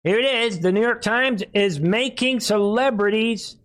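A man delivering a political commentary monologue as a show host, his voice sitting a little high. He talks emphatically and leans on rhetorical questions. His pitch jumps up sharply on key words. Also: measured pace, a bit bright.

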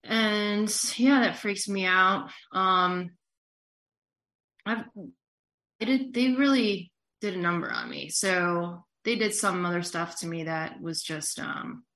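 A woman journalist on a livestream as a guest. She speaks haltingly and hesitantly, filling her sentences with "you know". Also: mid-range voice, sharp tone. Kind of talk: livestream interview.

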